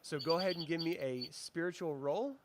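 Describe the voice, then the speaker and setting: A man's voice: on the high side, a little fast, background noise. A man running a tabletop game as game master, explaining rules and narrating the action.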